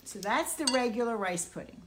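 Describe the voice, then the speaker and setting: Soft-spoken woman chatting at home. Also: on the high side, lively intonation, brisk, very noisy. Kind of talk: casual chat. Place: home, indoors.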